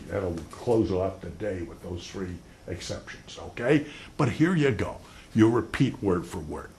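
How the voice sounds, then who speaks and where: An older man giving an animated law lecture on cross-examination, acting out both roles and swinging between loud and soft. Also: deep voice, a little hiss or hum. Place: lecture hall.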